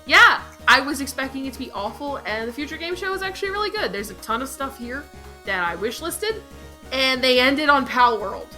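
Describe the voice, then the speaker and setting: A woman co-hosting a podcast in casual chat, talking in quick, sardonic asides. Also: high-pitched, expressive, over music. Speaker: podcast co-host.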